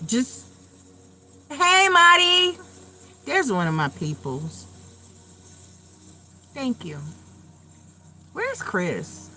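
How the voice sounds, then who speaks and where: A woman's voice: fairly low pitch, huge pitch swings, very slow, long pauses, a little hiss or hum. A middle-aged woman from New York, hosting a live tarot stream in loose casual chat, telling stories bluntly with some swearing and repeating herself. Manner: chatty storyteller, blunt and profane, repeats herself.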